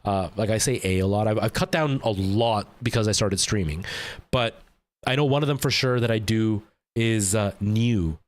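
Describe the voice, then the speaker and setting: On a casual stream, a young man from El Salvador, whose first language is Spanish, rambles with constant "like"s and mimics other people's voices. He speaks in a Canadian English accent with some American mixed in. His voice is on the low side at a moderate pace, and the recording is dry.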